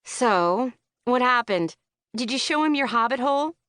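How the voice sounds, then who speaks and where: A woman's voice: a little high, lively intonation, a little slow, fairly bright tone, no room sound, studio quality, voice pushed up. A woman voicing a brash, foul-mouthed young woman who teases her friend with sarcasm, in an audiobook. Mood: mocking. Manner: sarcastic, teasing, crude.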